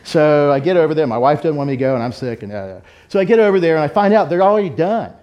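A man's voice: a little high, expressive, fast, highs cut off. A middle-aged man preaching a sermon in a candid, self-deprecating, conversational way. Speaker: pastor. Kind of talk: sermon with personal story.

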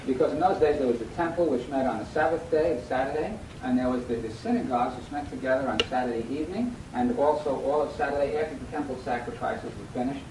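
A man's voice: fast talker, hardly any pauses. A man preaching a sermon, reading scripture aloud and quizzing his listeners to finish the verses. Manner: acts out lively quoted voices. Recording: echoey hall, mic at a distance, faint rumble.

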